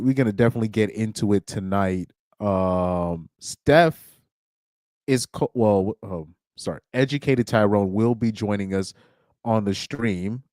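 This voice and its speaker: A man with a fairly low voice chats loosely on his own livestream, stumbling over restarts and chuckling between thoughts. He is recorded close and dry, with no room sound around him. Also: a little mellow, dry recording. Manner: rambling, with frequent restarts and chuckles. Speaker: livestream host. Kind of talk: casual livestream chat.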